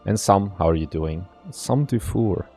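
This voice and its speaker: Hoarse young game-dev streamer, lowish voice, chatty and rambling, faint music under. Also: male voice, unhurried, warm tone. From Belgium. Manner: chatty, greets chat by name, rambling asides. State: strained, partly lost voice. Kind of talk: casual live stream chat.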